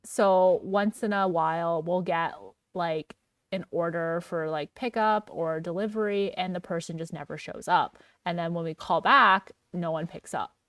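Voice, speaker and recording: A young woman co-hosting a podcast in a chatty, casual way, full of "like" fillers and quick laughs. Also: lowish voice, fairly even intonation, fairly bright tone, dry recording, clean studio sound, far from the mic. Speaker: podcast co-host. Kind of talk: casual chat.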